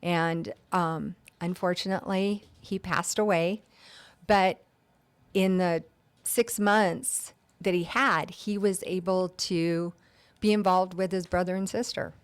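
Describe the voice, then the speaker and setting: A woman who works as a county deputy, a guest on a talk show, telling warm and heartfelt stories from her work. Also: on the low side, fairly even intonation, slow, clean tone. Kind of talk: storytelling in an interview.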